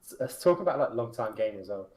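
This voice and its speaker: A man's voice: lowish voice, expressive, fast, a little mellow, poor audio. A 26-year-old man with a Milton Keynes accent, chatting casually on a game dev stream and telling loose, filler-heavy stories. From England. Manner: rambling, filler-heavy storytelling with light laughter. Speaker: game developer stream co-host.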